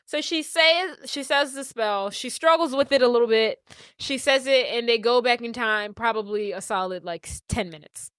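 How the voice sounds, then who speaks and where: Bright, animated woman recapping a movie. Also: a little high, moderate pace, clean tone, no echo, clean studio sound. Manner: animated retelling, profane, acts out quotes. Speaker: podcast co-host. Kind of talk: casual movie recap chat.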